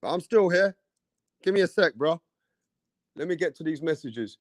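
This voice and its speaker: This English boxing show host chats casually on a live stream, going through messages from viewers and addressing them again and again in slangy terms. His voice runs on the high side, animated, at a moderate pace with no echo.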